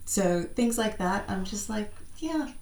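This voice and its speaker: A middle-aged American woman chatting casually as an interview guest, self-deprecating and quick to laugh. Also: sits low, expressive, vocal fry, a little mellow. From United States. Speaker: guest actor. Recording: echoey room.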